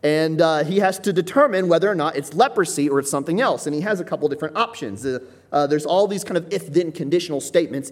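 A man's voice: a little high, quick pace. A man giving a conversational Bible study, explaining loosely with frequent fillers and restarts. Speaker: Bible teacher.

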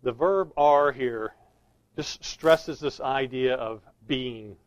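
A man preaching an expository sermon, earnestly leaning on key words and slowing down for emphasis. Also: medium pitch, no echo, muffled recording.

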